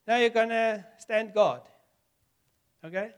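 A man preaching a sermon, acting out lively back-and-forth dialogue with God and laughing often. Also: high voice, normal speed. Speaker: pastor.

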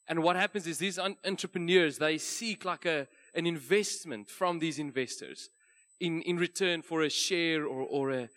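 Casting: South African male pastor, slightly higher voice, chatty sermon storyteller in a church. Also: fairly bright tone. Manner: conversational storytelling, light laughs.

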